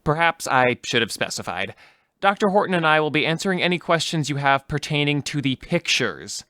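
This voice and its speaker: A man's voice: fairly high pitch, big pitch swings, fairly quick, pushed and bright. A man playing an officious spokesman at a press conference in a comedy sketch, fussily correcting everyone.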